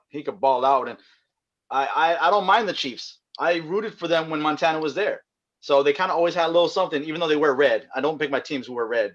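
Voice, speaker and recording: A man's voice: on the high side, fairly bright tone. A man co-hosting a casual sports podcast, rambling with restarts and frequent laughs. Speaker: podcast co-host. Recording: dull lo-fi sound.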